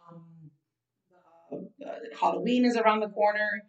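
A woman's voice: medium pitch, unhurried, far from the mic, lo-fi sound. A young woman from Florida, co-hosting a podcast in casual, chatty conversation and repeating her phrases. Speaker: podcast co-host. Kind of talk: casual chat.

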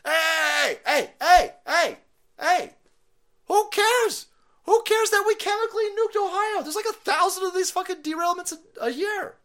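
A man's voice: very high-pitched, expressive, measured pace, a bit bright, voice pushed up, exaggerated voice. A man mimicking a dismissive male official who waves off a disaster in a squealing, exaggerated voice. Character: shrill mocking male official brushing off disaster.

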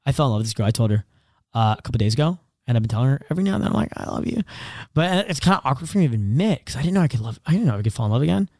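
A young man in casual podcast chat, talking fast and profanely about his own life, acting out what others said. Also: mid-range voice, sing-song, a little mellow, dry recording, clean studio sound. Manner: fast, profane, confessional, acts out quotes. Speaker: podcast co-host.

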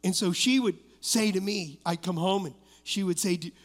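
A man's voice: sits high, normal speed. A middle-aged male pastor preaching an emphatic sermon, weaving personal stories into declarations. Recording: long reverb of a church hall.

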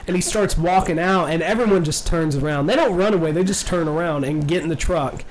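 A man's voice: a little high, brisk. A young man hosting a casual chat, telling a story with lots of swearing and acting out what others said. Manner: animated storyteller, acts out quotes, swears often. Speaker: podcast host.

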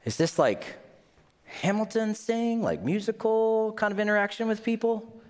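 A pastor with a Midwestern accent preaches a conversational sermon in a high, animated voice with a darkish tone at normal speed. He puts questions to the congregation and acts out little scenes using mock voices.

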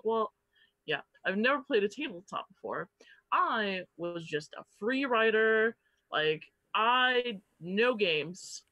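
A woman telling a story as a guest in casual podcast chat, animated and swearing casually. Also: lowish voice, dry recording.

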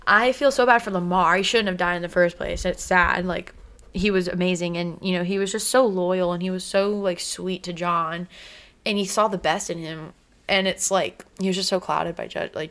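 A woman's voice: on the low side, steady tone, a little fast, gravelly, fairly bright tone. A woman chatting casually about a TV episode, gushing and giggling, with lots of fillers. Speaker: episode reviewer. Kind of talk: casual chat.

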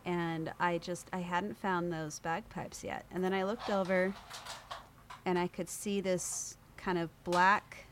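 A woman guest on an interview show, telling a story in a lively way, acting out other people's voices and laughing often. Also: fairly low pitch, slow, slight background noise. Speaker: podcast guest.

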